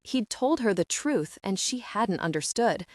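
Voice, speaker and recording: A woman narrating a novel in a steady, even reading voice. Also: mid-range voice, measured pace, no room sound, clean studio sound. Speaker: audiobook narrator. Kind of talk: scripted audiobook narration.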